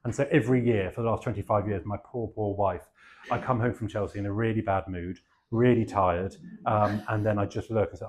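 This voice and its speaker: Over crowd noise, a middle-aged man with a southeast English accent gives a chatty public talk as a garden designer. His voice is fairly low and steady, a little fast, and he rambles self-deprecatingly with many fillers.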